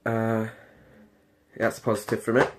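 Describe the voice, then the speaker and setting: In a lowish voice with a completely flat delivery at a moderate pace, a British performing arts student in his late teens talks through his singing practice. It's a casual video diary, rambling and hesitant, with plenty of ums and restarts.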